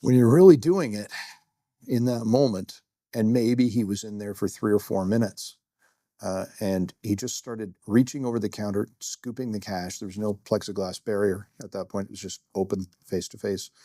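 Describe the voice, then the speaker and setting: A man's voice: lowish voice, normal speed, mellow, no room sound, clean studio sound. A middle-aged man, a security guard, telling a first-person story in a candid, self-deprecating way, rambling with fillers.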